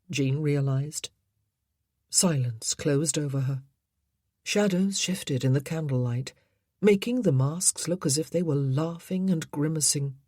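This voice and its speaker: A woman narrating an audiobook, measured and expressive in her storytelling. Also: sits low, husky, no room sound, studio quality. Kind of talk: scripted narration.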